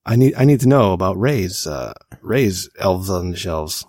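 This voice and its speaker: A man's voice: sits low, animated, moderate pace, a little mellow, no echo, studio quality. A man in his thirties co-hosting a podcast, telling a long exasperated story in casual chat. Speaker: podcast co-host.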